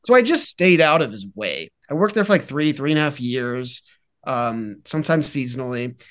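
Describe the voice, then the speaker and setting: A man's voice: mid-range voice, lively intonation, moderate pace, fairly bright tone. A young adult man, a podcast guest, telling a story in an easygoing, laughing way. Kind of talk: casual storytelling chat.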